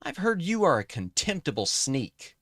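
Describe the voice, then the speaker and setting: Guy doing a squeaky mocking pirate, sneery insults thrown hard, dry sound. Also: very animated, normal speed, a bit bright, no echo. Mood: taunting. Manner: taunting, mocking, high-pitched. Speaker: streamer reading enemy pirate lines.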